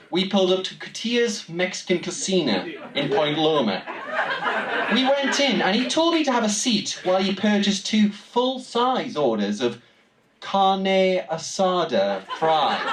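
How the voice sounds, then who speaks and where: A man's voice: sits high, background noise. A young man from Newcastle with a Geordie accent, telling a wry, comic story live on stage in a small venue. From Newcastle, England. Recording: roomy room, distant mic, audience.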